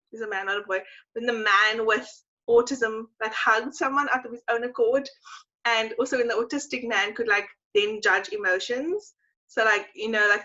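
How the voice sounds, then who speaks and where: Bright-voiced young woman gushing in casual chat. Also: fairly high pitch. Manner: gushing, animated, quick to laugh. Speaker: podcast co-host. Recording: dull lo-fi sound.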